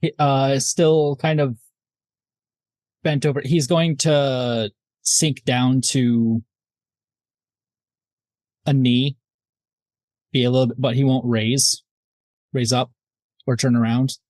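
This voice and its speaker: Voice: mid-range voice, flat delivery, slow, pauses often, a little mellow, no echo. A tabletop player talking casually and hesitantly, with fillers. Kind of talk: casual tabletop game chat.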